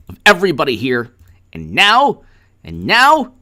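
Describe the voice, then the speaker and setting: A man's voice: medium pitch, animated, normal speed, a bit bright. A man hosting a political livestream, greeting chat viewers and mocking his opponents sarcastically. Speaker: political commentator. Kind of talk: livestream commentary reading chat.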